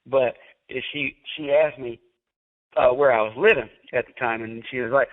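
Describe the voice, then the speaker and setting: A man with a Southern accent chats loosely and laughs often, full of "you know" fillers. His voice sits at a middle pitch. The audio is narrow and tinny, like a phone call. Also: fairly even intonation, normal speed. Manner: chatty and laughing, many fillers. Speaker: podcast host. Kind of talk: casual chat.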